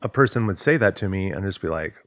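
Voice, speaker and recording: A man's voice: low-pitched, lively intonation, fast talker, no room sound, studio quality. A man speaking in a thoughtful, conversational way as he teaches self-development, working through questions aloud. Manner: acts out inner voices in quotes. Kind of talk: reflective explanatory monologue.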